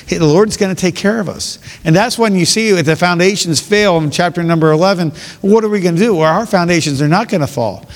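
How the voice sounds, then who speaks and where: A man's voice: sits high, fast, hardly any pauses. Earnest preaching man in a reverberant room. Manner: earnest, with frequent restarts and repeated phrases. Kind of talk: sermon.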